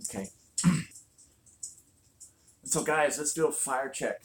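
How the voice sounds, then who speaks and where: A woman with a low voice speaks slowly while hosting a casual livestream on her channel from a room at home with a fireplace. Her talk is full of fillers and restarts.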